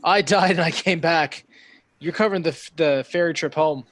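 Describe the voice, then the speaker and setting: A man doing a gruff Irish dwarf. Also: a little high, normal speed, a bit bright, natural voice. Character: male dwarf warrior, gruff, just revived.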